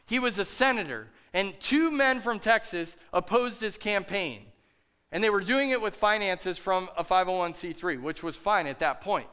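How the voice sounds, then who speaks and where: Bright-voiced, passionate male pastor preaching. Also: high-pitched, normal speed, clean tone. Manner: passionate, preaching with rising intensity. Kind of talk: sermon.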